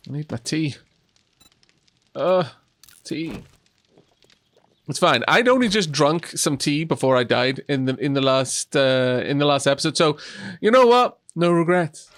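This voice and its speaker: A man's voice: medium pitch, measured pace, pauses often, fairly bright tone, no echo. Dry-humored man chatting over gameplay. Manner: dry sarcastic humor, hesitant with ums. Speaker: let's play host. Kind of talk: casual co-op gameplay chat.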